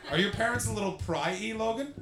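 A comedian telling jokey stories to a live audience and acting out the people in them. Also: male voice, high voice, fairly quick, reverberant, crowd noise. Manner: animated, jokey, acts out the people in his stories. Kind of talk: live podcast storytelling with an audience.

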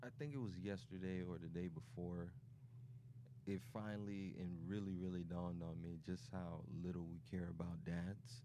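A man co-hosting a podcast, offering wry, measured musings. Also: low voice, fairly even intonation, noisy background. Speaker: podcast co-host. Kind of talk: casual chat.

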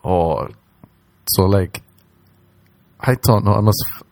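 A man from Ireland with an Irish accent, doing a crude comedic monologue that rambles and jumps into silly squeaky voices. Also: steady tone, takes it slowly, creaky, a little mellow, dry recording.

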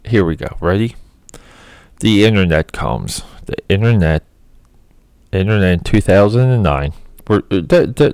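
A film commentator with a low voice rambles through his opinions on movies, heavy on fillers like "like" and "you know." The recording is dry.

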